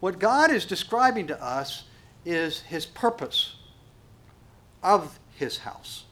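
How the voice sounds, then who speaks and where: A man's voice: sits high, sing-song, takes it slowly, a bit bright. A male pastor preaching a sermon, stressing key words and asking rhetorical questions. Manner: rising and falling emphasis, rhetorical questions.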